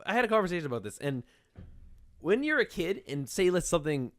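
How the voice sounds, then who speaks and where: A man's voice: sits high, fast talker, no room sound, clean studio sound. A young man on a podcast telling stories in casual chat, swearing often and acting out the people in them. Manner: swears a lot, tells animated stories. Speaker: podcast co-host.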